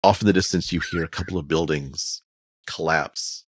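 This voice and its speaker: A man's voice: very deep voice, normal speed, no echo. A man narrating vividly as dungeon master of a tabletop game, with casual fillers.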